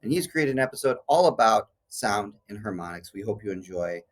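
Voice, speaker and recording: A male teacher introducing a school science show in a friendly, halting way with many fillers. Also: on the low side, lively intonation. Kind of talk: spoken introduction.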